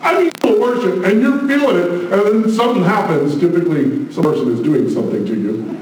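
Impassioned preacher in an echoey hall. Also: male voice, high voice, expressive, brisk. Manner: impassioned, swings between hushed asides and loud exclamations. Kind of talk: sermon. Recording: very echoey room, mic at a distance.

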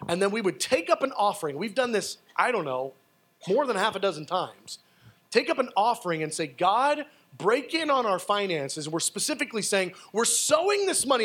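A man preaching a sermon and telling personal stories in a casual, animated way. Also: high voice, breathy edge. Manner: animated, excitable storytelling; casual, conversational with fillers.

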